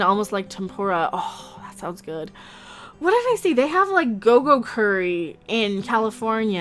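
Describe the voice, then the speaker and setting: Chatty woman rambling on a livestream. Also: medium pitch. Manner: chatty, rambling, excitable with gasps and laughs. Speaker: livestream host reading chat. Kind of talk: casual livestream chat.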